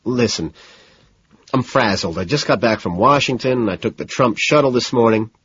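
A man's voice: mid-range voice, very animated, normal speed, husky, no room sound, muffled recording, voice pushed up. A man voicing an anxious young man who talks in a nervous, breathless rush.

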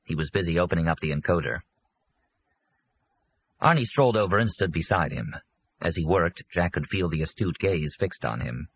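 A man narrating an audiobook in a steady, measured storytelling manner. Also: low-pitched, husky, poor audio. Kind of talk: scripted narration.

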